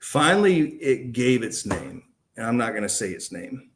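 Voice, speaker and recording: A man's voice: mid-range voice, very animated, normal speed, slight background noise. A man, a podcast guest, recounting a personal story in a casual, slangy way. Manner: casual and slangy, calling the host man and dude.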